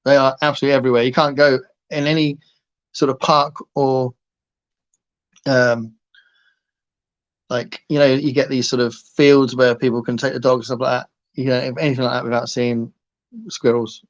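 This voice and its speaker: A man's voice: medium pitch, little pitch movement, normal speed, long pauses. A man hosting a livestream, chatting casually and playfully with viewers, laughing often and rambling between topics. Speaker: livestream host. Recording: muffled lo-fi livestream audio.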